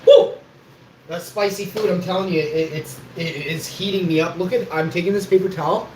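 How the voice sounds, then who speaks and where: A boastful, foul-mouthed man rambles through a story, his voice sitting a little high. The room rings with echo, and a steady background noise runs underneath. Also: normal speed. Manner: boastful, swears freely, rambling. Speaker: livestream host.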